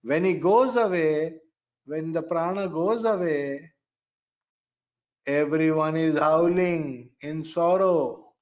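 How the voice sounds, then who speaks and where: A man's voice: a little high, a little mellow, lo-fi sound. A man giving a spiritual astrology lecture, speaking emphatically and repeating key phrases. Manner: slow, emphatic, repeats phrases and chants mantras. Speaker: Vedic astrology teacher.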